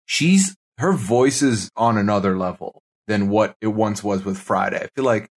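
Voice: medium pitch, normal speed. A podcast co-host chatting easily and chuckling between remarks. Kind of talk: casual chat.

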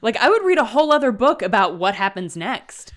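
This podcast co-host has a slightly high, bright voice and talks a little fast, very animated as she casually discusses a horror novel. She tosses in dry asides and laughs.

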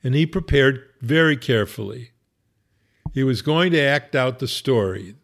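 A man's voice: mid-range voice, animated, moderate pace. Man telling a funny story. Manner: wry, conversational, laughs at his own story. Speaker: rabbi. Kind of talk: humorous storytelling.

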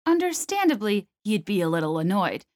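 A young woman hosts her own comedy podcast, riffing alone in a lively, sarcastic way. She keeps breaking into mocking put-on voices. Her voice sits at a middle pitch, and the close mic sounds dry. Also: a little fast, no room sound. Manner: animated, sarcastic, jumps into mocking quoted voices. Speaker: podcast host. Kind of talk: solo comedic podcast monologue.

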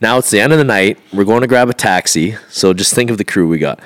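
Man, podcast co-host, blunt and eager storyteller, very low voice. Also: quick pace. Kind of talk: casual chat, storytelling.

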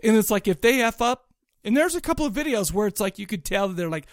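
A middle-aged man co-hosting a podcast in casual chat, rambling and excitable, often restarting his sentences. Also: high voice, fast talker, no echo, studio quality. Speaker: podcast co-host.

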